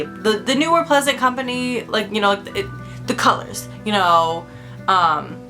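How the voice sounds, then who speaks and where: Woman vlogger, chatty and gushing, bright clear tone, rambles with fillers, soft guitar underneath. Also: lowish voice. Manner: gushing and enthusiastic. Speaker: doll-collecting vlogger. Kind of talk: casual chat.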